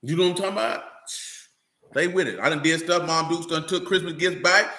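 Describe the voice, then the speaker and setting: Animated, bright-voiced man preaching. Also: on the high side, a little fast, echoey room. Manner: loose, street-talking, animated, repeats "you know what I'm talking about". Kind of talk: animated sermon.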